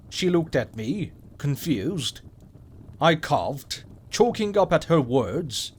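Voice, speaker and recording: A man reads a horror story aloud in a slow, unhurried way. His voice sits fairly high and moves a lot in pitch. A husky, breathy grain runs through every line. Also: big pitch swings. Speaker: story narrator. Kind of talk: scripted horror story narration.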